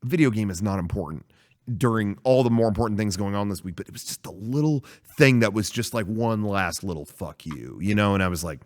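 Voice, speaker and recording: A man's voice: lowish voice, quick pace, darkish tone. A man co-hosting a casual podcast, telling a rambling story with frequent swearing. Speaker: podcast co-host.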